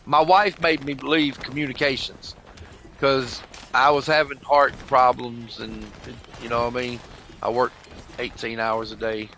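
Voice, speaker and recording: A man's voice: medium pitch, level tone, a little slow, fairly bright tone, slight background noise. Rambling, profane older man. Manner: rambling, profane, emotional, keeps saying "bro" and "you know what I mean". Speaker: gamer chatting on voice chat. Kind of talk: casual storytelling.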